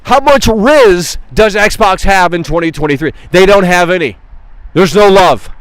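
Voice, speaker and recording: A man with a high voice rants through a gaming livestream, swearing freely and mocking his chat as he goes. His voice is close and dry, with no room around it. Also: measured pace, fairly bright tone, dry recording, low-quality recording. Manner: profane, mocking, talks straight to chat. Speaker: streamer.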